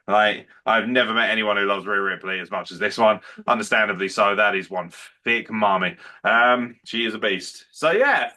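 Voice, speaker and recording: Podcast host, bright forward voice, cheeky banter, swears a lot. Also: male voice, fairly low pitch, normal speed. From Britain. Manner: swears freely, laughs a lot, jokey and ironic. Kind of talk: casual podcast chat.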